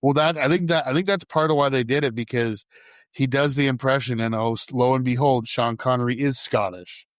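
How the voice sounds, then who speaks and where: Male host at a middle pitch, chatty and amused, laughs through scene recaps, close dry sound. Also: a little fast, dry recording. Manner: laughs often while retelling film scenes. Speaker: podcast host. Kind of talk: casual film chat.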